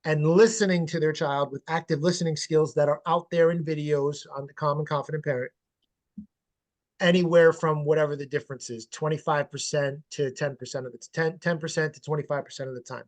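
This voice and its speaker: A man working as a parenting coach, answering webinar questions over a video call in an animated, emphatic way, blunt and sometimes swearing. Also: fairly high pitch, a little fast.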